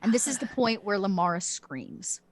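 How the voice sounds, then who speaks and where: A woman's voice: medium pitch, very animated, normal speed, dry recording. Chatty game master woman, dry close sound. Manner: chatty with many fillers and restarts. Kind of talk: narrating a tabletop game.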